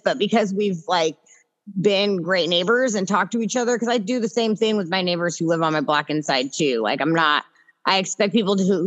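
A woman tells stories in a blunt, profane way. She talks casually as a guest in the conversation, and her voice sits at an ordinary middle pitch. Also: a bit bright, highs cut off. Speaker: guest, mutual aid organizer.

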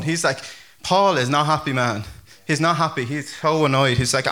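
A man preaching a casual, conversational sermon as pastor, chatty and animated with frequent fillers and restarts. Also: on the high side, brisk, hardly any pauses.

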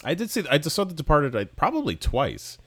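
A man's voice: fairly high pitch, huge pitch swings, brisk, a bit bright, slightly rough, no room sound, studio quality. A man co-hosting a podcast, chatting casually in a rambling way with lots of restarts. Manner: rambling, self-interrupting storyteller. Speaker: podcast co-host. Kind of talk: casual chat.

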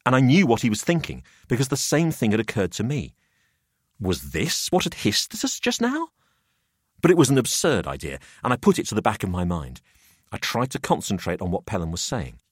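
A man's voice: fairly low pitch, very animated, husky, no room sound, studio quality. A man reading a macabre story aloud as narrator. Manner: measured storytelling. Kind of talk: audiobook narration.

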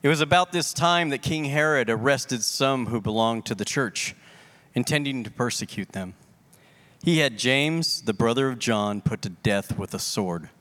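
Man with a mid-range voice giving a measured scripture reading in church. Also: mid-range voice, a bit bright. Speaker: scripture reader. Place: church sanctuary.

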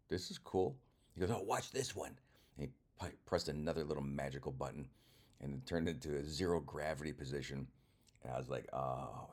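An older man, a comedian, talking through a casual rambling monologue in a wry, self-mocking way and swearing freely. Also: extremely low pitch.

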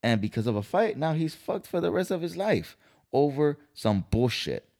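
A man's voice: on the high side, very animated, normal speed, a little mellow. A man hosting a podcast, ranting in a casual, heated and profane way. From California. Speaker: podcast host. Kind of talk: casual commentary.

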